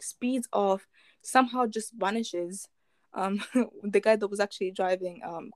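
A woman's voice: medium pitch, darkish tone, dry recording. A woman casually retelling a true crime story, rambling with fillers, restarts and chuckling asides.

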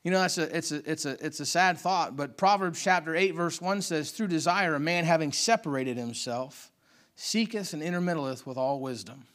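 Fervent high-voiced male preacher. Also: moderate pace, a bit bright. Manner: fervent preacher, dynamic, repeats phrases. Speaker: pastor. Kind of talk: sermon.

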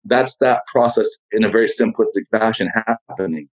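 Fast-talking husky man, blunt and profane. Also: lowish voice, rough recording. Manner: blunt, profane, animated storytelling. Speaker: podcast guest. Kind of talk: casual motivational talk.

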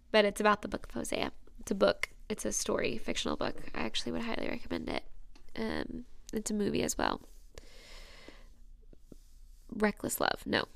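A woman's voice: medium pitch, gravelly, dry recording. A young woman hosting a personal faith podcast, earnest and emotional, often dropping to a whisper. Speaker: podcast host.

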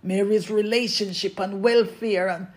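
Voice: medium pitch, fairly even intonation, a little slow. A preacher delivering a sermon, repeating refrains with emphasis and speaking straight to the congregation.

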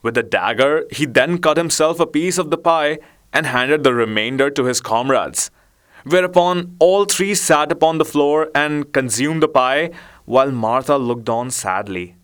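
A man reading a children's story aloud in a measured, expressive way. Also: fairly high pitch, clean tone. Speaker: narrator.

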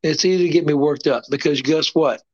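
A man on a podcast call, cutting a profane trash-talk promo, swinging from shouts to low growls. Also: brisk. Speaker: guest fighter. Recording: dull lo-fi call audio.

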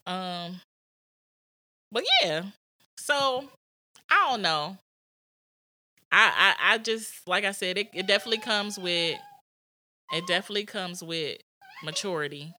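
Young female co-host, low-ish and bright, frank and reflective. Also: a little slow, long pauses, a little hiss or hum. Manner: reflective, frank, laughing asides. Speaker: podcast co-host. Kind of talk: casual podcast chat.

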